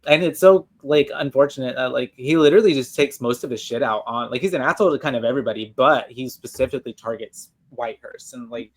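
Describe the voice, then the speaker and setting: A man's voice: medium pitch, fast, few pauses. A man co-hosting a podcast, chatting casually and rambling through a film recap with lots of fillers. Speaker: podcast co-host. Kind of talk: casual chat.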